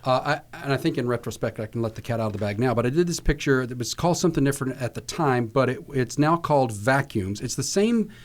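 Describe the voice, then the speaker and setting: A man from the US South hosting a podcast, swapping lively show-business stories in a relaxed, chatty way. He is a middle-pitched talker who speeds up and slows down as he acts out the people in his tales. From Virginia, US South. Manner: animated anecdote teller, acts out quotes. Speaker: podcast host and voice actor. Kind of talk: casual storytelling chat.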